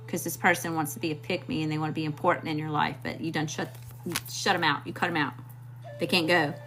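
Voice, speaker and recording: A woman from Mississippi with a Southern accent, giving a blunt, slangy live tarot reading straight to her viewers. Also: lowish voice. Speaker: tarot reader.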